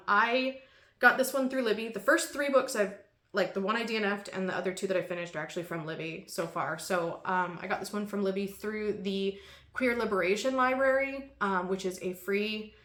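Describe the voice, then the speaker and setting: A woman's voice: mid-range voice, brisk, fairly bright tone. Chatty woman in an echoey room. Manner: chatty, laughs often, many ums. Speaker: book vlogger. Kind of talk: casual chat.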